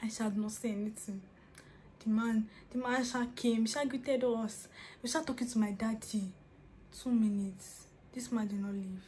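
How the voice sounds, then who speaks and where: A woman's voice: a little high, fairly even intonation, a little slow, dark tone, a little hiss or hum. A young woman tells a funny personal story in a casual vlog, laughing often and dropping into whispers. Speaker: vlogger.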